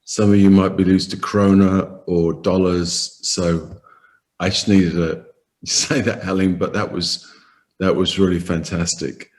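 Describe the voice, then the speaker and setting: A man's voice: sits low, fairly even intonation, a little slow. A man hosting a ministry talk, thanking the speaker and moving into prayer, repeating little words as he goes. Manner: warm, encouraging, repeats "just". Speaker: ministry host. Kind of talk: sermon and prayer.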